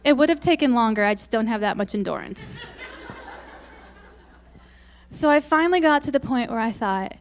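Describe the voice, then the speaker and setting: A woman speaking at a Christian women's conference, telling self-mocking, humorous stories and acting out quoted lines in a higher, louder voice. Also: lively intonation, moderate pace, long pauses, a little hiss or hum. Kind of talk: faith-based conference talk.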